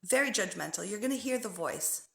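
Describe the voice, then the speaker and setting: A woman speaking as a spiritual life coach in a heartfelt, conversational monologue, often repeating phrases and sometimes dropping to a soft, hushed tone. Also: medium pitch, expressive, a little fast, creaky, reverberant.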